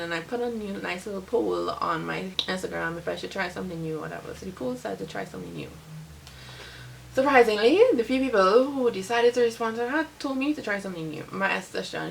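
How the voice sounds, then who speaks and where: Chatty Trinidadian woman with a gravelly voice. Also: medium pitch, slight background noise, rough recording. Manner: chatty, rambling, many "like" fillers. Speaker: beauty vlogger. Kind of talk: casual talk to camera.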